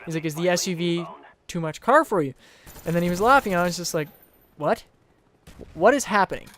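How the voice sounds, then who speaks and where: A man's voice: sits high, animated, fast, a bit bright, slight background noise. A young man hosting a gaming channel, casually telling a personal story over gameplay, rambling and repeating himself with small chuckles.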